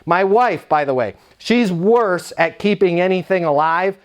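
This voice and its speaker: A man with a fairly high voice tells an energetic story in a casual, conversational way. He sounds relaxed and animated, like he is speaking to a room of salespeople. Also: unhurried. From United States. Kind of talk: storytelling talk.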